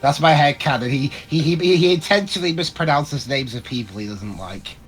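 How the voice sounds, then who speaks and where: A man co-hosting a let's play, chatting excitably and stammering over his words. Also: on the high side, brisk, faint music behind. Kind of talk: casual gaming chat.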